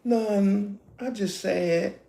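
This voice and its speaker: A man putting on Delilah, a seductive schemer who sulks and whines to get her way, in a high, gravelly voice. She pouts softly as she fakes her sadness. The sound rings around a roomy, echoing space. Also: animated, moderate pace, exaggerated voice. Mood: sulky. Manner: soft, whiny, sulking. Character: scheming seductive Delilah, a grown woman, wheedling and fake-sad. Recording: echoey room.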